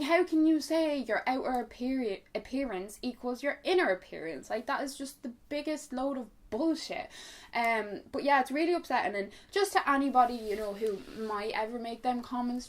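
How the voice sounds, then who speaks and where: A young woman talking candidly to her viewers in a casual vlog, chatty, full of fillers and the odd swear word. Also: on the high side. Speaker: vlogger. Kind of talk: casual chat to camera.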